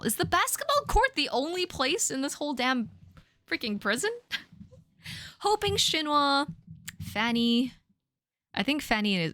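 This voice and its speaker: A woman in her thirties on a live stream, reading her old fan fiction aloud with self-mocking asides and squeaky sound effects. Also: fairly bright tone, no room sound, clean studio sound. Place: home streaming setup.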